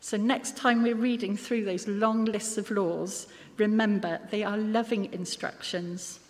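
A woman's voice: mid-range voice, fairly even intonation, a little slow. A woman preaching a sermon in an earnest manner, with occasional self-deprecating asides. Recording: long hall reverb.

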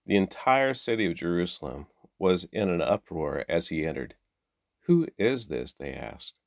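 A man reading the daily Bible passages aloud in a measured, steady way. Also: sits low, vocal fry, no echo, studio quality. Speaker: Bible reader.

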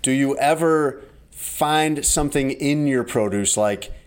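Casual podcast co-host, male, dry and a bit exasperated, middle pitch. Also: slow, clear, resonant tone. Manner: storytelling, wry, exasperated. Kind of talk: casual chat.

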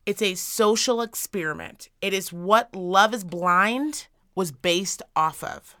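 A woman's voice: mid-range voice, takes it slowly, pushed and bright, dry recording, clean studio sound. A woman co-hosting a podcast in casual chat, blunt and sweary, ranting with lots of energy. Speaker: podcast co-host.

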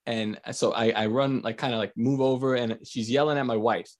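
With a mid-range voice, fairly even intonation, and a slightly fast delivery, this man hosts a podcast. He's a father of young kids who swaps crude, casual stories and laughs a lot.

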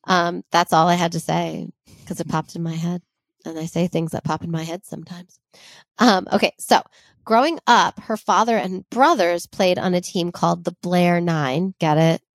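A woman's voice: lowish voice, fairly even intonation, normal speed, dry recording, clean studio sound. A woman podcast co-host telling a life story in casual, giggly chat and reading quotes aloud.

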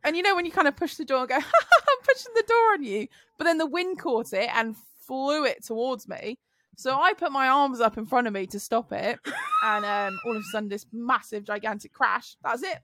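A woman's voice: sits high, bright, forceful tone, dry recording. A young woman telling a story on a podcast in casual chat, laughing often and acting out the voices of others. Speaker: podcast co-host.

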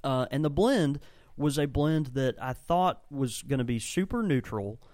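A man's voice: mid-range voice, animated, measured pace, a little mellow, no echo, clean studio sound. A man who owns a tobacco shop, chatting enthusiastically in a rambling way and often restarting his sentences. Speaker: tobacco shop owner and blender. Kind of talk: casual podcast chat.

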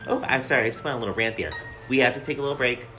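A man's voice: mid-range voice, rapid-fire, over music. A man hosting a casual podcast, talking in a sassy, campy and profane way with a somewhat whiny voice. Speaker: podcast host.

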